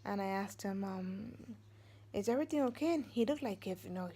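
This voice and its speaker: A woman's voice: medium pitch, normal speed, warm tone, slightly rough. A woman in her forties, a vlogger and mother of three, telling a story casually, rambling with many fillers and restarts and acting out what others said.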